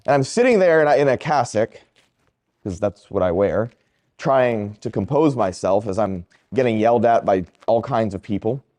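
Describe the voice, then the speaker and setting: Priest, male, delivering a homily; storyteller who swoops through his pitch and does the voices of the people in his anecdotes. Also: moderate pace. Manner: animated storytelling, acting out quoted people. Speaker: Catholic priest.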